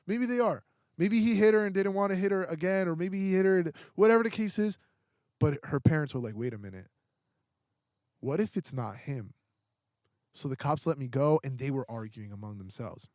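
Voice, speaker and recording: A young man guesting on a podcast tells a story in casual, profane language, voicing what other people said and often restarting his sentences. His voice is high-pitched, fairly quick and a little mellow, recorded indoors with clean studio sound and no room echo.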